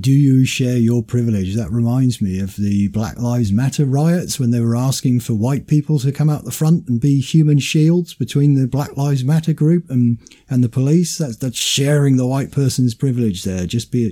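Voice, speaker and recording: Male host, very dark mellow voice, dry sarcastic political commentary. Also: medium pitch, moderate pace, hardly any pauses.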